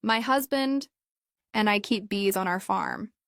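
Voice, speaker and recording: A woman's voice: mid-range voice, a little slow, clean tone, no echo, studio quality. A woman voicing a welcoming female honey seller at a farm market. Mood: warm. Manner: warm, welcoming. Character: warm woman selling homemade honey.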